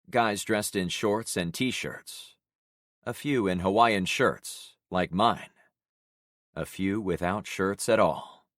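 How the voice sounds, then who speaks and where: A man narrating an audiobook in the first person, with steady, grave storytelling. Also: on the low side, dry recording, studio quality.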